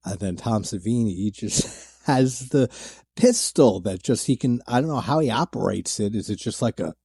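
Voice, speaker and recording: Male horror commentator, laid-back and eager; dark, husky, dry-miked voice. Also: fairly low pitch, expressive, moderate pace, no room sound. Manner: enthusiastic, laughs, loose filler-heavy retelling. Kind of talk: casual movie commentary.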